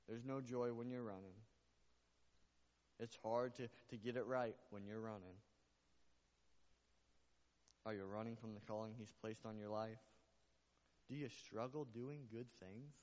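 A man's voice: lowish voice, darkish tone. A man preaching a sermon as pastor, earnest and repetitive, building to emphatic appeals. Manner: earnest preaching, repeats phrases, rising to emphatic calls. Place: church sanctuary. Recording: muffled sound with long hall reverb.

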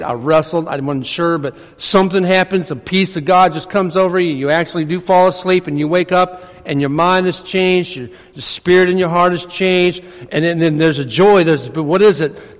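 A man preaching a sermon as pastor, swinging between emphatic preaching and hushed asides. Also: on the high side. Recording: long reverb of a large hall.

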